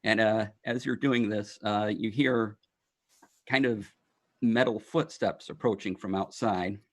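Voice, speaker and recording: A man narrating as dungeon master of a tabletop game, in a loose, halting way with many fillers. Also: on the low side, fairly even intonation.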